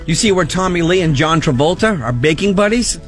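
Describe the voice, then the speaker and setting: A man co-hosting a radio show, bantering casually in a quick, teasing way. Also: a little high, lively intonation, faint music behind. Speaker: radio co-host.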